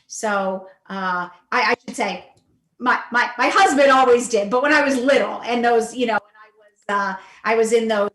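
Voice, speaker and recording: An earnest woman sharing her own experience on a panel, halting and restarting as she goes. Her voice sits a bit high. The room around her sounds echoey over a video call. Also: fairly bright tone. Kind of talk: panel discussion.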